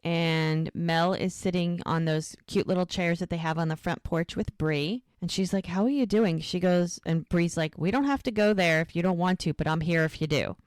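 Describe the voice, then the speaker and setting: Animated woman recapping scenes, dry sound. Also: on the low side, moderate pace, few pauses, clean tone, no room sound. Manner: animated retelling, acting out characters' quotes. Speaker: podcast co-host recapping a TV show. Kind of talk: casual chat, retelling scenes.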